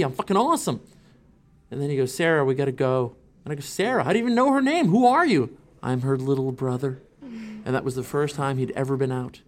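A brash male stand-up comedian tells crude stories in a mid-range voice. He gets excitable and swears freely. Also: medium pitch. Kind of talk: comic storytelling.

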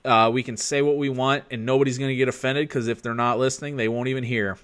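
A man's voice: medium pitch, fairly even intonation, fast talker, a bit bright, clean tone. A man co-hosting a casual sports podcast, rambling with many restarts and fillers. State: expecting a baby with his wife. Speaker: podcast co-host. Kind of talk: casual chat.

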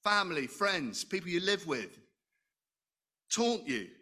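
His voice is high, bright, and forceful, very animated though slow. The middle-aged preacher keeps his sermon conversational, questioning the congregation and using self-deprecating humor.

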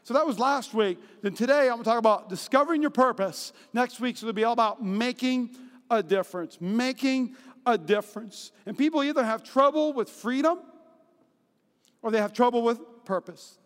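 A man with a strikingly high voice delivers a lively sermon in a church hall, his words trailing off into a long reverb. He tells stories with animated energy and jumps into acted-out voices for the people in them. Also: moderate pace. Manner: animated storytelling, acts out quotes in high voices. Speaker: pastor. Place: church auditorium.

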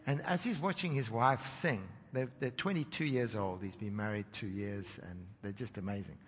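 A preacher telling a story in a sermon, animated as he acts out the dialogue. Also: on the low side, normal speed, breathy edge. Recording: reverberant hall with faint noise.

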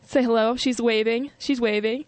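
A woman's voice: a little high, fairly even intonation, moderate pace, darkish tone, dry recording. A young woman hosting a casual interview, chatty and curious, often laughing. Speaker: interviewer host.

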